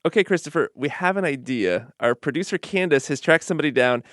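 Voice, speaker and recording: Co-host: medium-pitched man, playful tone, dry close studio mic. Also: lively intonation, quick pace, fairly bright tone, dry recording. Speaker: podcast co-host. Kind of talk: studio radio chat.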